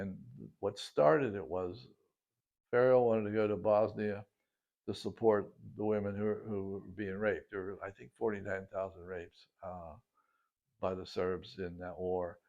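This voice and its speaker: Low gravelly man, halting reminiscence. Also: a little mellow, muffled recording. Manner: halting, with many restarts and fillers. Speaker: storyteller recounting his life. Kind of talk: casual spoken reminiscence.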